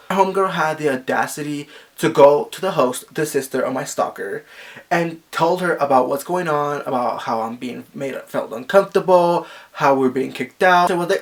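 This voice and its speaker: At a moderate pace, a young vlogger casually tells an animated, gossipy story, filling it with "like." He acts out quotes loudly, with sharp jumps in pitch and volume.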